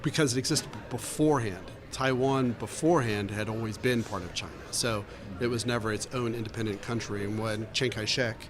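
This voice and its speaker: Lower-voiced man explaining. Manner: explanatory, measured. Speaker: panelist. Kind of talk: casual panel chat. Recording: crowd noise behind.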